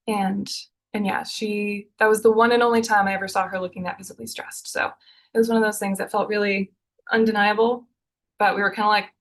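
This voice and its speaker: A young woman talks through a personal memory on a podcast, earnest and easygoing, filling pauses with "um" and "like". Her voice sits at a middling pitch for a woman, and she now and then breaks into a light laugh. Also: flat delivery, fairly bright tone. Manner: earnest, chatty, frequent fillers and laughs. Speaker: podcast co-host. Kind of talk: casual conversational storytelling.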